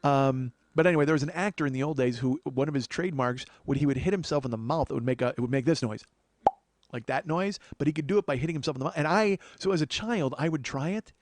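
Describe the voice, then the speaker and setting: A man's voice: a little high, fast. Rambling male comedy podcast host. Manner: rambling, joking, lots of "uh" restarts. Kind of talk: casual comedic chat.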